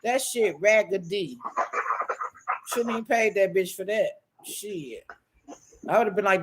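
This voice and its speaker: A man's voice: high voice, measured pace, long pauses, noisy background. A man ranting casually about online streamers, telling stories full of profanity and laughter, and acting out what other people said. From Washington DC. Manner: animated, profane storytelling with lots of laughter; acts out other people's quotes in shifting voices. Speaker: YouTube commentator.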